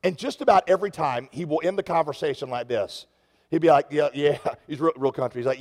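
A man's voice: on the high side, brisk, darkish tone. A man preaching a sermon, telling a story in a conversational way that builds to impassioned peaks. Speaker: pastor. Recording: long reverb of a large hall.

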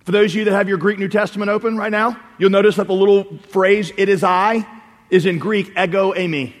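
A man preaching a sermon as pastor, animated, swinging from loud calls to quiet asides. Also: high-pitched, a little fast. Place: church sanctuary. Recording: preaching in a reverberant hall.

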